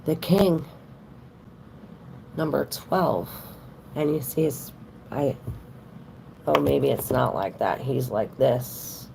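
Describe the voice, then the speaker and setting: Very deep, gravelly woman reading tarot. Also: takes it slowly, pauses often, noisy background. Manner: chatty, talks straight to viewers, lots of fillers. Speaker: tarot reader on a livestream. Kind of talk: casual livestream tarot reading.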